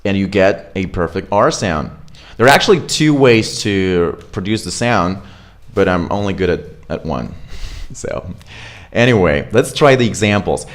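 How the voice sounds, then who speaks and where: A man's voice: deep voice, expressive, measured pace. A man coaching English pronunciation in a casual, chatty way, full of fillers and check-ins, filmed on camera. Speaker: accent coach. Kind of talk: pronunciation lesson. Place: home studio with camera.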